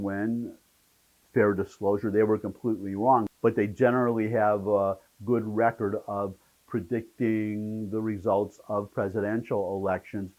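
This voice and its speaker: A man's voice: fairly low pitch, darkish tone, low-quality recording. Male political commentator, solo rant, opinionated, rambling, digressive.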